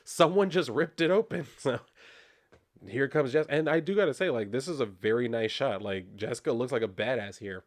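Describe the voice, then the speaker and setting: A young man talks through a comic issue in a loose, chatty review. He reads the dialogue aloud, rambles, and stops to restart his thoughts. His voice sits at an ordinary middle pitch for a man. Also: moderate pace.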